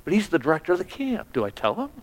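A man preaching, telling a personal story in a sermon, stammering on restarts and sinking to a hush at the sad moments. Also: a little high, huge pitch swings, racing, long reverb tail, slight background noise.

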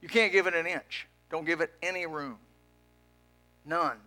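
A pastor preaching a fiery sermon to his church congregation, dropping to a hush and then rising to a shout. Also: fairly high pitch, moderate pace.

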